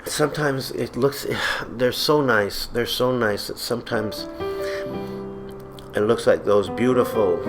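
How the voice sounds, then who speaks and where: A man delivering a comedic, exasperated rant to camera as a vlogger, sarcastic throughout. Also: fairly low pitch. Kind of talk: comedic ranting monologue. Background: faint background music.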